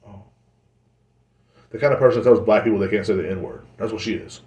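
A man's voice: fairly low pitch, a little fast, darkish tone. Profane, rambling man in an echoey room. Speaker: podcast host. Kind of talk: casual solo podcast monologue. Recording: roomy echoey recording.

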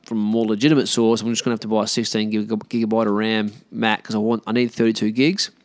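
A man's voice: on the low side, level tone, fast talker, no room sound. Blunt, sweary Australian man. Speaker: podcast host. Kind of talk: casual solo podcast chat.

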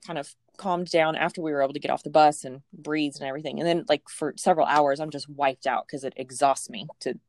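A woman in her thirties telling a personal story in a casual, animated way, laughing often and acting out what people said. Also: sits low, no echo, studio quality. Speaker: storyteller guest.

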